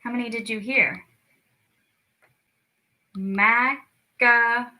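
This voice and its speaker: A young woman leading a children's lesson, stretching words out slowly and cheering the kids on. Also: fairly high pitch, expressive, bright, forceful tone, poor audio. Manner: slow, drawn-out words for children, encouraging. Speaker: speech clinic storytime teacher. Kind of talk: children's lesson, clapping out syllables.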